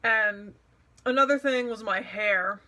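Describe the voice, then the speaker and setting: A woman's voice: fairly high pitch, takes it slowly, bright, forceful tone. A young woman telling a personal story to camera in an exasperated, sarcastic rant. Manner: exasperated, sarcastic, mocks others' words. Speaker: vlogger.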